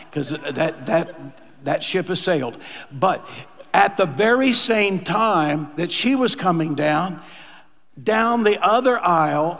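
A man's voice: fairly high pitch, vocal fry, a bit bright, long reverb tail. A male pastor telling a story in a sermon, acting out the lines he quotes in a conversational way.

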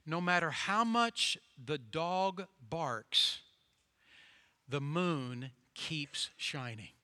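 A man preaching voices a wise old farmer who gives gentle, soft-spoken counsel to a troubled friend. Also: high-pitched, a little slow, exaggerated voice. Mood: calm.

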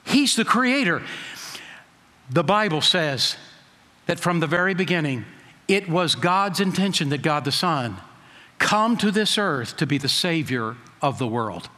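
Man, pastor, sermon, high-pitched, emphatic, long hall reverb. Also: lively intonation, pushed and bright. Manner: emphatic preaching with slowed, stressed phrases and rhetorical questions.

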